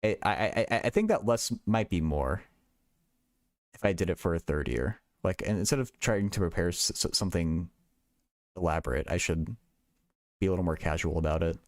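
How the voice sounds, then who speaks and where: A man's voice: deep voice, expressive, normal speed, dry recording, clean studio sound. Stammering young man thinking aloud. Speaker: livestream host. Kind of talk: casual livestream chat.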